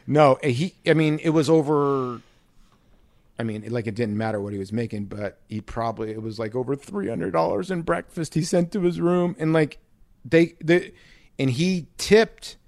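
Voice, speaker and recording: A man co-hosting a podcast, telling a rambling, profane anecdote in a loose, animated way. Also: on the high side, normal speed, creaky, dry recording. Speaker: podcast co-host, former pro ballplayer. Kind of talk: casual storytelling chat.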